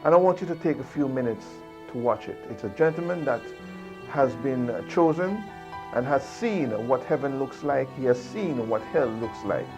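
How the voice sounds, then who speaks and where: A man's voice: mid-range voice, animated, moderate pace, dull audio. A man giving an earnest, pastoral video message to his viewers, urging them to watch a clip. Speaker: ministry host. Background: music.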